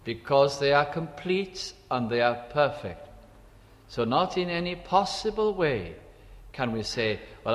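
A man preaching a sermon, slow and emphatic, repeating key phrases and dropping to quiet asides. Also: a little high, in a large hall.

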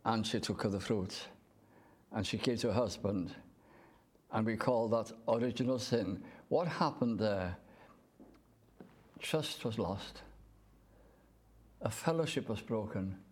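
A man preaching a sermon in short, measured phrases, reading out scripture to a gathered congregation. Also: fairly low pitch, breathy edge. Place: church gathering in the evening.

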